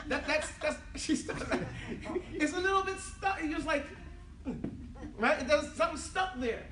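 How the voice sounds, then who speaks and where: A man's voice: very high voice, normal speed, crowd noise. A man teaching an Arabic class, drilling the students in call and response with a casual, joking manner. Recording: echoey room, distant mic, class audible.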